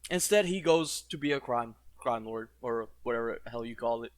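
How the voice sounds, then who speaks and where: A man rants through a reaction commentary in a blunt, profane way. His voice sits a little on the high side. The recording is dry and close, with no room sound. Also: normal speed, no echo. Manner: mocks characters in put-on quotes.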